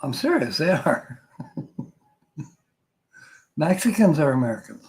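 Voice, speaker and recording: A man's voice: a little high, very animated, unhurried, darkish tone, rough recording. An older man hosting a casual live stream, reading viewer comments aloud and joking with a frequent chuckle.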